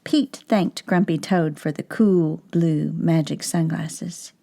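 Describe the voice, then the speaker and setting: A woman teacher reads a picture book aloud to young children, taking her time over every line. Her voice has a gravelly, creaky texture at the ends of phrases, and she keeps stopping to ask the children questions. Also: low voice, warm tone. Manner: slow, clear, asks questions of child viewers.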